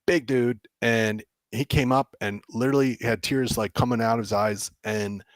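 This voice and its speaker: A man, a game developer, telling animated stories as a guest and acting out people's reactions with frequent laughs. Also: mid-range voice, normal speed, dry recording. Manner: excitable, acts out reactions, laughs often. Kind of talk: animated storytelling.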